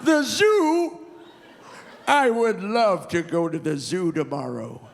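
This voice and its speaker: A man's voice: high voice, animated, slow, gravelly, full character voice. A man voicing a frail, fretful old grandfather who speaks in a quavering, exclaiming voice.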